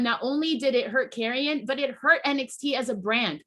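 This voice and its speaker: A woman's voice: sits high, moderate pace, few pauses, sharp tone. A woman hosting a podcast, venting in a heated, emotional rant full of swearing and restarts. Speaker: podcast host.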